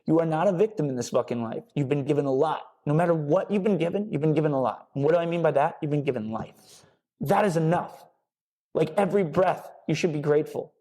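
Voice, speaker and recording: A man's voice: fairly high pitch, fast talker, dark tone. A man hosting a fitness podcast, talking bluntly and casually with lots of swearing and emphatic repetition. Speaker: podcast host and personal trainer. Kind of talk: casual motivational podcast talk.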